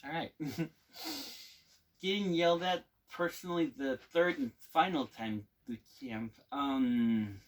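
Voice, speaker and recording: A man's voice: medium pitch, takes it slowly. A young man casually telling a boot camp storytime, rambling and laughing often, with casual swearing. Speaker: navy veteran telling stories.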